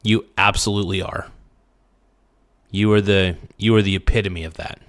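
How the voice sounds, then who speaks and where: A man's voice: deep voice, steady tone, moderate pace, fairly bright tone. Blunt, profane young man ranting. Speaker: livestream host. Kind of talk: casual livestream rant.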